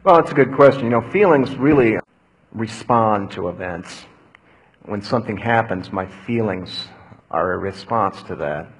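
A man preaching a sermon who tells a story with lively acted-out quotes, then answers questions from the audience. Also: fairly low pitch, moderate pace, slight background noise, rough recording. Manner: animated storytelling, acts out quotes loudly. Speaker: pastor.

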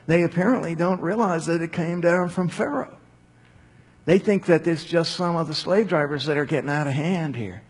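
Man, Bible teacher, casual commentary, slightly high pitch, husky. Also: moderate pace. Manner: conversational with asides and acted quotes. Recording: long hall reverb.

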